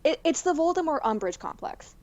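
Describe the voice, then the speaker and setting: A woman co-hosting a casual podcast chat. She talks quickly and acts out quotes with high, loud outbursts. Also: sing-song, muffled recording. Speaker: podcast co-host and video reactor.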